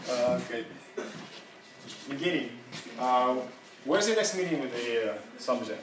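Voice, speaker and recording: A medium-pitched man whose first language is Russian gives a classroom seminar talk in a university room, echoey and distant against a noisy background. He speaks casually and haltingly, laughing often.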